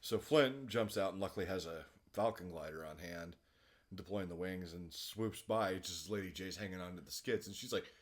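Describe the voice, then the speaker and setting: Low-voiced man recapping a cartoon plot. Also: normal speed. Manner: recounts plot at length, laughs often. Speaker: podcast co-host. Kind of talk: casual episode recap chat.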